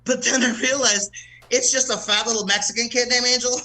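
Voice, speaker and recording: A man's voice: very high voice, fairly even intonation, a little fast, bright, forceful tone, rough recording. A man from the American South doing a casual, profane stand-up set at an open mic, laughing at his own jokes. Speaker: stand-up comedian.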